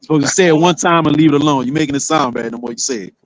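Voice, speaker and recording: Stammering New man, slightly high voice. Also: racing, crowd noise, poor audio. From New York. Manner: stammering, defensive. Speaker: panel guest. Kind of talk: casual panel chat.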